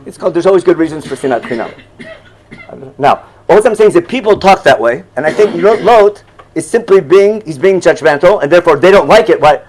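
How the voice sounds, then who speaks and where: A man's voice: sits high, lively intonation, a little fast, a little mellow, rough recording. An older man teaching a Torah class in a loose, conversational way, often asking "you follow?" and chuckling at his own asides.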